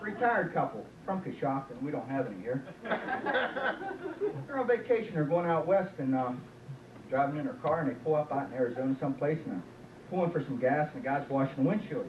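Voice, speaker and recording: Folksy stand-up comic in an echoey club. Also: male voice, medium pitch, lively intonation, fairly quick, recorded from a distance, noisy background. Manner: joke-telling, folksy, lots of "uh" and "he says". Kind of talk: stand-up comedy set. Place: small club, live audience. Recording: echoey lo-fi club tape from afar.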